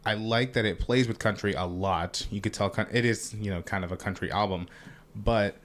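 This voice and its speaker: A man's voice: fairly low pitch, normal speed. A man co-hosting a podcast in a casual, easygoing and agreeable way, adding dry asides. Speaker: podcast co-host. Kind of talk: casual chat.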